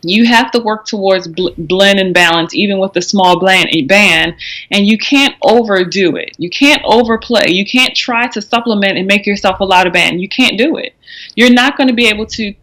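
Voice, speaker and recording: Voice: medium pitch, normal speed, bright, forceful tone. A young adult podcast co-host giving blunt, opinionated critique in casual chat, with frequent restarts.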